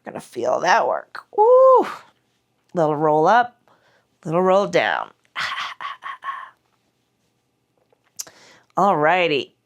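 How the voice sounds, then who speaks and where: A Pilates instructor teaches a mat class while doing the exercises, cueing breath and form as she speaks against the muscle effort, her breathing slightly strained. Her voice is low-pitched with big swings in pitch, and she draws words out and pauses often.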